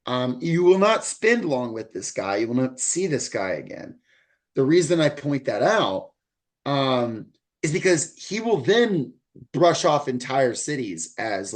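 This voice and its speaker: A man's voice: medium pitch, big pitch swings, a little slow. A man co-hosting a podcast, talking through a book in a loose, rambling way with lots of fillers. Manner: rambling, loose delivery full of likes and ums. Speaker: podcast co-host. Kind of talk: casual book-discussion chat.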